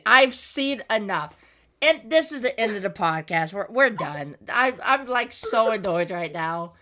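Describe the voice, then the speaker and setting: A woman podcast host with a bright, clear tone, ranting in an exasperated way and swearing freely. Her pitch swings widely as she talks in casual chat. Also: animated, measured pace.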